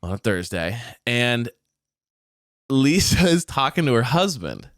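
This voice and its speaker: A man's voice: mid-range voice, sing-song, a little slow, a bit bright, no room sound, clean studio sound. A man co-hosting a podcast, chatting casually about a reality show and acting out quotes in put-on voices. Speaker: podcast co-host. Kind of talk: casual reality TV recap chat.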